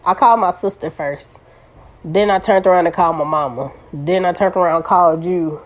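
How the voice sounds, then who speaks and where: A woman's voice: on the low side, brisk. A woman hosting a casual podcast who rambles and corrects herself, joking while holding back tears. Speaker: podcast host.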